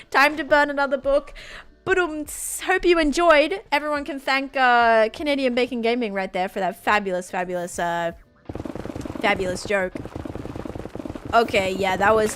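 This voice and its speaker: A woman's voice: fairly high pitch, a bit bright, clean tone, dry recording. A woman streaming live and chatting casually with viewers, talking in a loose, chatty way with many fillers and restarts and a non-American English accent.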